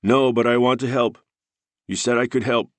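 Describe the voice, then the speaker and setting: A man voicing an odd, insistent young man who speaks in a flat voice without inflection. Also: medium pitch, normal speed, dry recording, pitched above the performer's own voice, natural voice. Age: young adult.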